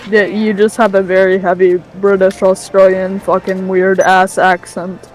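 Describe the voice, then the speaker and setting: A gamer in mid-range pitch trading crude, mocking jabs over voice chat. Music plays loudly under the conversation. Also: monotone, a little slow, low-quality recording. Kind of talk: casual game chat.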